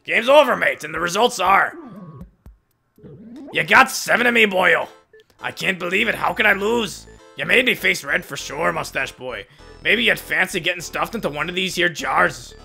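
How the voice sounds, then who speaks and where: A man voicing a boastful male ghost who collects jars, with a gravelly, taunting sing-song manner. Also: high voice, lively intonation, moderate pace, sharp tone, soft background music, exaggerated voice. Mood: sore loser. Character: boastful ghost jar collector with a botched Scottish-Irish accent.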